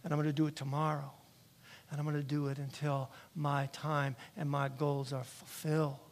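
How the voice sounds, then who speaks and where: A man voicing Jesus as calm and firm, quietly defiant. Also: a little high, normal speed, big-room sound, pitched below the performer's own voice, lightly acted. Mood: calm defiance. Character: calm, steadfast adult male Jesus.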